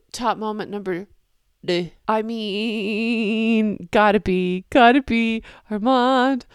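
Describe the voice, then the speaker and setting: Animated young woman reacting to a show. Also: fairly high pitch, clean tone, dry recording, clean studio sound. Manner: animated, swings from loud outbursts to quiet asides. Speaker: reaction video host. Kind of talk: excited casual reaction commentary.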